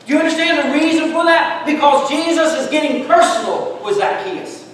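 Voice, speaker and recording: A man's voice: extremely high pitch, normal speed, a little hiss or hum. A middle-aged man preaching a sermon, telling folksy stories with humor and calling his listeners friends, in a large church hall far from the microphone.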